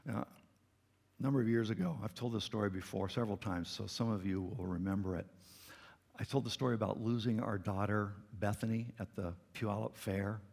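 A middle-aged man preaches in a church, earnest and conversational with a light touch of humor. His voice is gravelly and a little husky, and it rings out with the long reverb of a large hall. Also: on the low side, steady tone, brisk, a little mellow. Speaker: pastor. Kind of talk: sermon. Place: church sanctuary.

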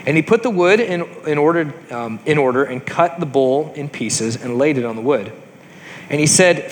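A man teaching a Bible study, reading passages aloud and then retelling them in a casual way, often saying "um" and "like" and clearing his throat. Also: on the high side, animated, normal speed. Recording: long reverb, faint background noise.

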